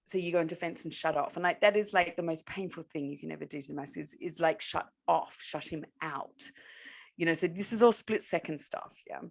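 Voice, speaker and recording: Podcast co-host, female, coach; casual anecdote, animated, giggly, slightly low voice. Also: a little fast, gravelly. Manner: animated storytelling with frequent laughter. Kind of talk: casual chat, storytelling.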